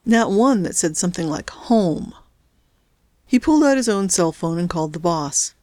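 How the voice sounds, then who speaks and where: A woman narrating a story in a steady, even reading voice. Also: lowish voice, moderate pace, no echo, clean studio sound. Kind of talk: audiobook narration.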